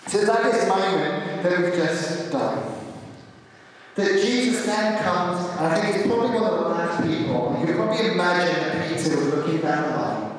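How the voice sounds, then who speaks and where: A man preaching a sermon, retelling a Bible story with animated shifts as he voices the characters. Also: high voice, moderate pace. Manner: storytelling, acting out biblical characters with lively shifts. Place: church hall. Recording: echoey hall from far off.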